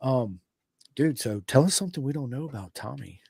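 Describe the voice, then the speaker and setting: A man's voice: mid-range voice, expressive, brisk, vocal fry, a little mellow, breathy edge, no room sound. A man hosting a podcast, joking and easygoing in casual slangy chat. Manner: laid-back, joking, slangy. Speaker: podcast host.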